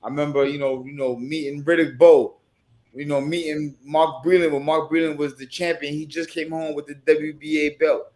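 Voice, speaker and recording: A man's voice: on the high side, little pitch movement, normal speed, a little mellow. Laid-back New man reminiscing. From New York. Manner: laid-back, reflective storytelling. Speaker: guest, former boxing champion. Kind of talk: casual podcast interview.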